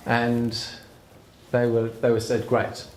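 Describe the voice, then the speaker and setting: Noisy background surrounds a middle-aged man's lowish voice as he talks at normal speed. He is giving an earnest, conversational talk at an evening event held in a bar's function room, and the sound is that of a roomy live venue.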